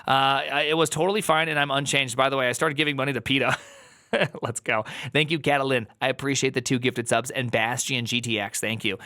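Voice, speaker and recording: A male streamer codes live and grumbles through bugs to his chat, mixing rambling complaints with sudden sarcasm. His voice is bright and forceful, at a middling pitch. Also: fairly even intonation, brisk, dry recording, studio quality. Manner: exasperated, rambling, talks to chat while coding.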